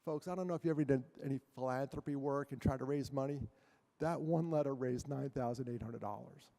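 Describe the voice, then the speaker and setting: A male guest speaker telling a personal story to a church audience, animated and self-mocking, with jokes between the serious parts. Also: medium pitch, brisk, vocal fry. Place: church hall. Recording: long hall reverb.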